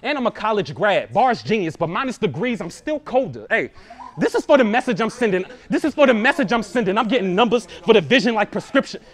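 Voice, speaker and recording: A young man performing a live battle rap verse, punchy and confrontational, repeating lines for emphasis. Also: sits high. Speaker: battle rapper.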